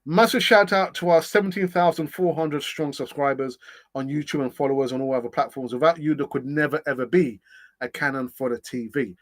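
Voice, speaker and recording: A middle-aged man, fairly high-voiced for a man, hosts a casual live stream. He chats loosely, laughs easily and fills gaps with ums while he reads out comments. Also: steady tone, fairly quick. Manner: chatty, laughs often, thinks aloud with fillers. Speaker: host of a fan channel live stream.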